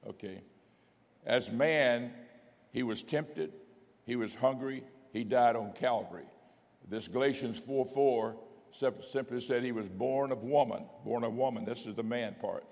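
A man's voice: medium pitch, measured pace, a little mellow. An older man, a bishop, preaching a folksy teaching sermon and reading scripture aloud with rising emphasis. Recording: long hall reverb.

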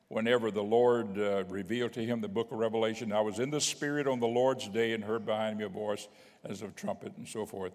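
A man's voice: lowish voice, darkish tone. A man preaching a sermon as a bishop, speaking conversationally, reading scripture aloud and chuckling now and then. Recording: long hall reverb.

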